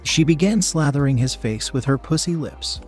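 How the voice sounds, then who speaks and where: A man's voice: fairly high pitch, moderate pace, faint music behind. A man narrating a first-person story in a tense, confessional way.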